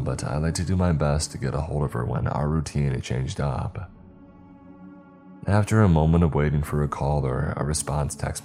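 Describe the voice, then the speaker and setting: A man narrating a horror story in a measured, steady way. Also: very deep voice.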